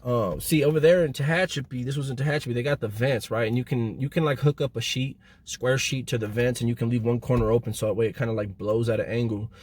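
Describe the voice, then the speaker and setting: Husky-voiced man telling prison stories. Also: mid-range voice, fast talker, hardly any pauses. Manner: street slang, loose and repetitive, animated when reenacting. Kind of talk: casual storytelling to camera.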